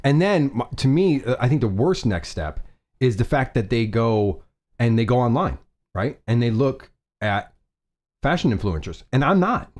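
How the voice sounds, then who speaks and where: A man's voice: mid-range voice, sing-song, normal speed, darkish tone. A man hosting a casual fashion live stream, chatty and rambling, often restarting and laughing at himself.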